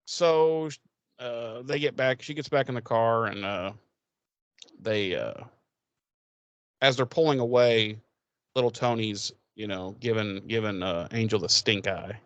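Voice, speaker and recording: Man, podcast co-host, casual recap, profane, rambling, mid-pitched, dry sound. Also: a little slow, long pauses, clear, resonant tone, no room sound, lo-fi sound. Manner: rambling, profane, laughs often, acts out characters.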